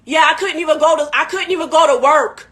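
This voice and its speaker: High bright-voiced woman venting on stream. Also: a little fast. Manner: heated, emphatic and repetitive. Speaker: livestream host. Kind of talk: casual live stream chat.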